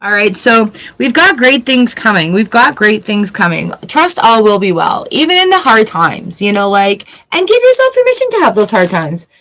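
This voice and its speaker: A woman's voice: mid-range voice, big pitch swings, normal speed, few pauses, a bit bright. A woman giving a casual live-stream tarot reading, chatty and blunt and swearing freely. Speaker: tarot reader.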